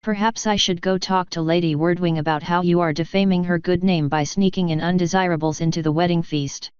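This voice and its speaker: A woman voicing a calm, contemptuous male courtier who speaks in a cutting tone. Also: on the low side, a little fast, clean tone, no room sound, highs cut off, close to an everyday voice. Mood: cold.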